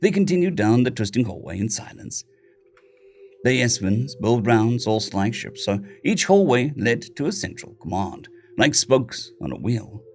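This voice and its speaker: A man's voice: mid-range voice, very animated, normal speed, darkish tone, faint music behind. A man steadily narrating a science fiction short story. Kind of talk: scripted sci-fi story narration.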